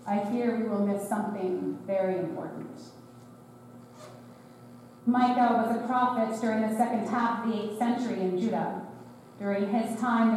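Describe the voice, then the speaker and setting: A woman with a warm, medium-pitched voice preaches a sermon wryly and conversationally, putting on sarcastic voices for quoted lines. She sounds far off in an echoey sanctuary, with slight background noise.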